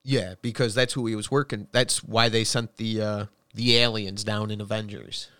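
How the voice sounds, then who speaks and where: A man's voice: lowish voice, little pitch movement, moderate pace, pushed and bright, clean tone, no echo, studio quality. Blunt, profane man ranting. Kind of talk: casual chat.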